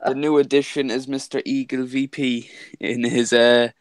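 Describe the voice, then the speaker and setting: A man's voice: mid-range voice, flat delivery, normal speed, dry recording. Rambling man chatting casually, dry sound. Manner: rambling, explaining. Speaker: Lego figure maker. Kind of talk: casual chat.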